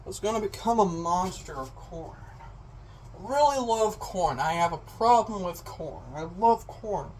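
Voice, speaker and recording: A woman's voice: fairly low pitch, animated, unhurried, darkish tone, distant mic, a little hiss or hum, rough recording. A young woman chatting casually to viewers while she cooks, goofy and rambling. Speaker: cooking vlogger. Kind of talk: casual cooking chat.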